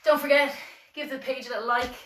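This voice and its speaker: A woman with an Irish accent leads a seated exercise class, counting reps, encouraging everyone, and adding light self-deprecating asides. Her high voice is steady, quick, and a bit bright, coming from far off in an echoey room with a little hiss or hum.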